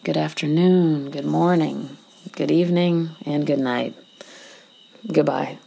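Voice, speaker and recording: Hoarse, gravelly low woman on a phone. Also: steady tone, slow, warm tone. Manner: rambling, self-deprecating, unscripted. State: losing her voice, hoarse. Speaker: podcast host reading poetry. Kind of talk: casual chat, then poetry reading. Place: outdoors.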